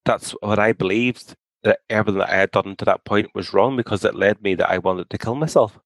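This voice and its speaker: A man's voice: on the low side, fairly quick, no echo, poor audio. A young man speaking candidly as a podcast guest, blunt and outspoken, swearing freely. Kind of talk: candid conversation.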